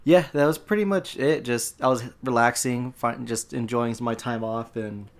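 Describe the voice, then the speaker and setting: Young male co-host, relaxed, rambling chat. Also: mid-range voice, normal speed. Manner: easygoing, rambling with fillers. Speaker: podcast co-host. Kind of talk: casual chat.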